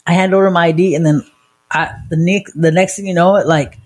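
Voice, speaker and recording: A woman from Southern California, co-hosting a podcast and telling a wild story in a casual, profane, animated way. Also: lowish voice, a little fast. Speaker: podcast co-host.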